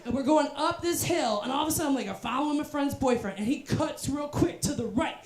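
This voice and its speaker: A woman's voice: high voice, fast talker, a little mellow. A young woman performing a stand-up comedy set, telling self-deprecating stories with voiced asides and punchlines. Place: live comedy venue with audience. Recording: roomy live venue with crowd.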